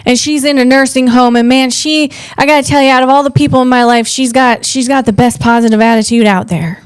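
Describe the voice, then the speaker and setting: A woman's voice: high voice, steady tone, a little fast, clean tone, no room sound. A woman from the Northeast US hosting a casual comedic podcast, chatty and rambling, often restarting her sentences.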